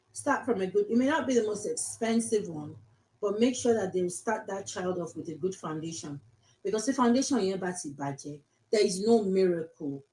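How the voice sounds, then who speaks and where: A woman's voice: mid-range voice, darkish tone, echoey room, rough recording. A woman from Nigeria with an accent mixing Nigerian, British and American, talking casually on a live stream, emphatic and repeating her advice, slipping into Yoruba phrases. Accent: mixed Nigerian, British and American. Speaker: social media live host.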